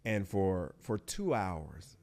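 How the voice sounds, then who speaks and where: A middle-aged man, a guest on an interview show, telling a personal story in a reflective, heartfelt way that often drops to a hush and halts. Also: low voice, sing-song, takes it slowly, gravelly, faint music behind.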